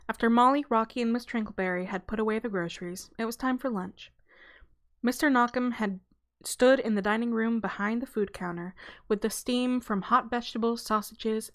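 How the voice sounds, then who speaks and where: A woman hosting her channel, reading a children's novel aloud in a relaxed, casual way with small stumbles and self-corrections. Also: mid-range voice. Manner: breaks off for a light aside and a laugh.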